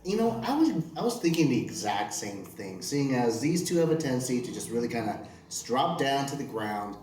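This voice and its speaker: A player man at a tabletop game, cracking deadpan jokes in character. His voice is lively in pitch. He is heard from a distance in a roomy space, with faint music playing. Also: fairly quick, slight background noise. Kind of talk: tabletop role-play.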